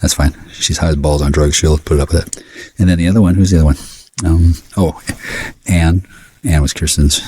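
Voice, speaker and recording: A man's voice: very deep voice, mellow, slightly rough, no echo. A man ranting angrily and rambling, jumping between subjects and cursing a lot. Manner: angry, scattered, cursing. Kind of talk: rambling profane rant to camera.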